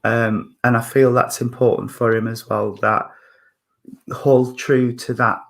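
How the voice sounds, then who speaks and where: A man working as a spiritualist medium at a church service, talking gently and hesitantly with many fillers, restarts and apologies. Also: mid-range voice, little pitch movement, unhurried.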